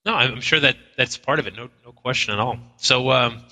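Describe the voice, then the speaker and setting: A man's voice: mid-range voice, fairly quick, pushed and bright, long reverb tail, poor audio. A man co-hosting a live paranormal radio show, telling stories with acted-out quotes and lots of restarts. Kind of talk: casual on-air chat. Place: inn function room at a live broadcast.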